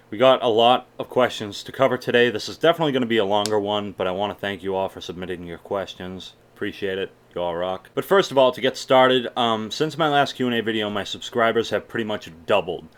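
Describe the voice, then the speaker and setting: A man's voice: fairly low pitch, a little fast, clear, resonant tone. A nineteen-year-old man from Massachusetts, casually hosting a Q&A video for his channel in an upbeat, chatty way. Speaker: YouTube reviewer. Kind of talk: casual vlog Q&A.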